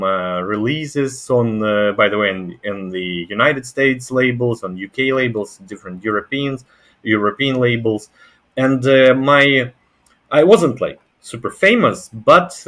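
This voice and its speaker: A man's voice: medium pitch, fairly bright tone. Russian guy practicing english on a video call, lots of uhs and restarts. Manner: hesitant, many fillers and restarts. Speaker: language exchange partner. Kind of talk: casual conversation.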